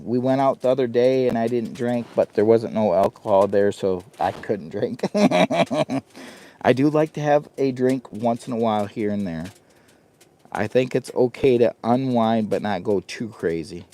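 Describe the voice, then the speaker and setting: A man's voice: mid-range voice, mellow. A man chatting on a live stream from a heated winter tent, rambling and laughing often at himself. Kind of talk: casual live-stream chat.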